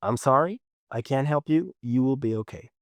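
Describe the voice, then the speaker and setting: A serene older spiritual teacher speaks slowly and gently, as a man quotes him. His voice sits at a middle pitch in a dry, close sound. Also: expressive, dry recording, lightly acted.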